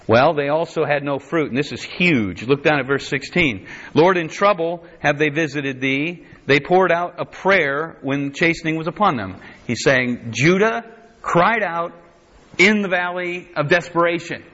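Male preacher, verse-by-verse teaching, slightly high voice, reads scripture then explains, dull lo-fi recording. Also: fairly bright tone. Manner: reads King James scripture aloud, then explains it plainly; frequent restarts and self-corrections. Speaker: Bible teacher. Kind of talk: verse-by-verse sermon.

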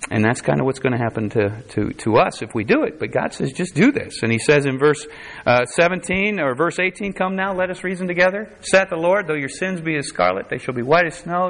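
A man's voice: a little high, lively intonation, a little fast, a bit bright, a little hiss or hum. A man preaching a conversational sermon, quoting scripture in a dramatic voice. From United States.

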